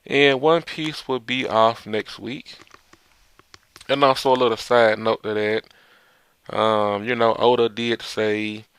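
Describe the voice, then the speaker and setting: A man's voice: mid-range voice, fairly even intonation, takes it slowly, a bit bright, clean tone, no echo. A man casually reading manga dialogue aloud and commenting, often repeating words as he goes. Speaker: manga reader and reviewer. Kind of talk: casual read-through and commentary.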